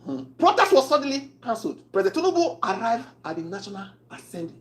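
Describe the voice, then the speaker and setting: Woman, Nigerian accent, political commentary, wry chatty delivery, Pidgin mixed in, slightly high voice. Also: big pitch swings, fast talker, hardly any pauses, rough recording.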